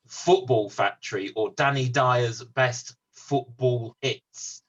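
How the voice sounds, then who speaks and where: A man co-hosting a casual podcast chat about football films, animated, laughing easily and stumbling over words. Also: mid-range voice, slow, lo-fi sound. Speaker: podcast co-host.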